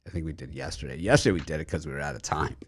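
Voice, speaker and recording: Very deep-voiced male betting show host. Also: very fast, husky. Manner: rambling, loose, with many fillers and restarts. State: recovering from dental surgery, swollen mouth. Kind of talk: casual chat.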